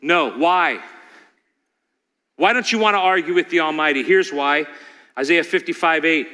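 A man's voice: on the high side, moderate pace, pauses often, sharp tone. A man preaching a dramatic sermon, asking the congregation rhetorical questions. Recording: long hall reverb.

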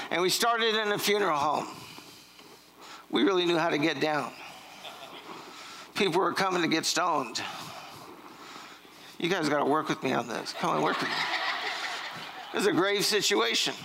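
Middle-aged pastor, high bright voice, joking storyteller working the congregation, sermon in a church, faint room noise. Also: male voice, vocal fry, poor audio. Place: church sanctuary.

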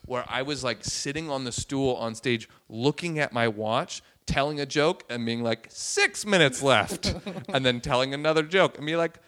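A man's voice: mid-range voice, moderate pace, few pauses, clean tone. A man, a stand-up comedian, telling a story in casual chat and acting out the voices of the people in it. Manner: animated, acts out voices in quotes.

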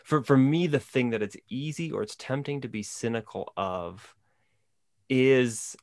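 A man's voice: medium pitch, a little slow, no room sound, clean studio sound. A man hosting a conversation about faith, thoughtful and loose, often saying "like". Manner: thoughtful, uses filler "like".

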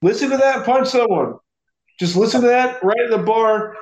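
A man telling a profane, animated story in casual podcast chat. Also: very high-pitched, normal speed, echoey room, highs cut off.

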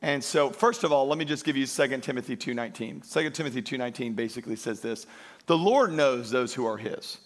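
A man preaching a sermon as pastor, emphatic, slowing and lifting his voice on key lines. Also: medium pitch. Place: church.

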